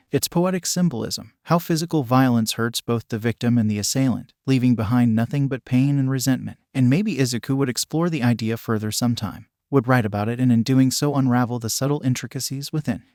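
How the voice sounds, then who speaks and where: A man narrating a fan fiction story in a measured, descriptive way. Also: mid-range voice, a little mellow, no echo, studio quality.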